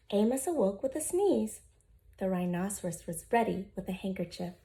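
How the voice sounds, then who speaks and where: A woman in her thirties, a teacher, reading a children's picture book aloud in an expressive, gentle voice and talking directly to her young listeners. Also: medium pitch, measured pace, slight background noise. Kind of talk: storybook read-aloud for children.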